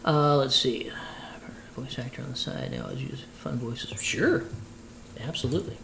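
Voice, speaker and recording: A man's voice: mid-range voice, wildly swooping pitch, normal speed, gravelly, background noise. Playful man cooking in a roomy kitchen. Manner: playful, jokey, talks to viewers while cooking. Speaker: voice actor hosting a cooking livestream. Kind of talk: casual cooking livestream chat.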